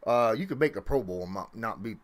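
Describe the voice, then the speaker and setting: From his home, a man hosts a casual livestream, animated and fairly quick, rambling with plenty of filler words. His pitch and loudness swing up and down as he talks.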